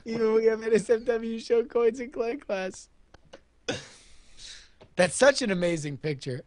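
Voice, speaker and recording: Male co-host, high and slow-talking, jokey, dry close mic. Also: a little mellow, no echo. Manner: playful, jokey. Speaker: podcast co-host. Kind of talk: casual chat.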